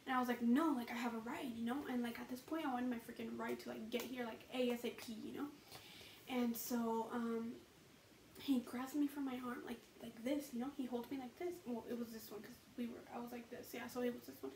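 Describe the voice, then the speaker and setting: A woman's voice: fairly high pitch, flat delivery, a little fast, a little mellow, roomy sound, distant mic, a little hiss or hum, low-quality recording. A young woman telling a casual storytime vlog, chatty and profane, filling her talk with "you know" and "like". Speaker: vlogger.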